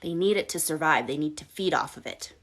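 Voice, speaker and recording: A woman's voice: low voice, expressive, a little fast, fairly bright tone. A woman life coach hosting a live-stream advice talk, speaking bluntly with casual swearing and often checking in with "okay?". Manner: blunt, profane, direct coaching tone; addresses listeners with frequent "okay?" check-ins.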